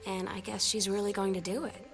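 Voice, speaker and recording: An actress plays a teenage girl in a video game, recounting a conversation with a friend in a chatty, self-deprecating way. Her voice sits at an ordinary middle pitch. Clear game music plays underneath her lines. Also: little pitch movement, a little fast, close to an everyday voice. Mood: rueful. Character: teenage girl about to start college, earnest. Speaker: game character.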